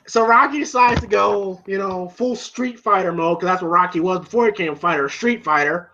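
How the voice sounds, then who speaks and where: A podcast co-host reviewing a film retells one of its scenes in a high, brisk voice, laughing and swearing as he goes. He's animated, shouting out the characters' lines in casual, profane chat, and the recording sounds dull and lo-fi.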